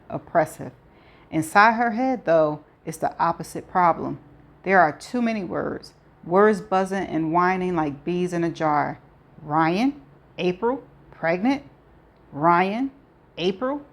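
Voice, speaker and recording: A woman reading a novel aloud with expressive narration and playful asides. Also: on the low side. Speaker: audiobook reader.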